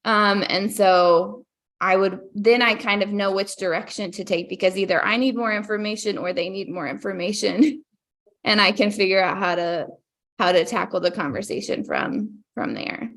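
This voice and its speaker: A woman with a gravelly, creaky voice explains her thinking on a podcast. She talks in a calm, measured, thoughtful way. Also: mid-range voice. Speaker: consultant, podcast guest. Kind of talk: casual podcast chat.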